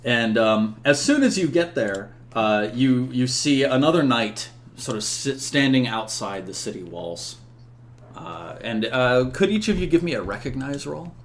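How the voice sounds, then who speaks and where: A man's voice: mid-range voice, sing-song, unhurried, slight background noise. A man narrating a tabletop role-playing game as game master, rambling with many fillers.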